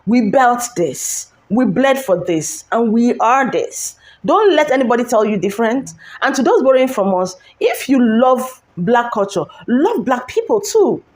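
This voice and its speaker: A woman's voice: a little high, big pitch swings, unhurried, hardly any pauses, darkish tone. A woman earnestly addressing her community to camera in a rallying tone. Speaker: social media commentator.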